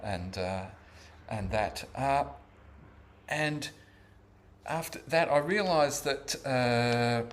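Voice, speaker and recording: An Australian man telling his own story to a Zen group. He talks in a halting way, often pausing on fillers and starting phrases over. His pitch sits in the middle for a man. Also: animated. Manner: halting, many fillers and restarts. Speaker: Zen practitioner giving a talk. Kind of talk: personal storytelling talk.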